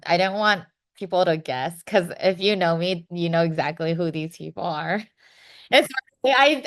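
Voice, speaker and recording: A woman in her thirties talks frankly as a podcast guest, her voice sitting a little low for a woman. She gives advice in a loose, conversational way, leaning on "you know" and "like.". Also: fairly bright tone. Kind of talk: casual advice chat.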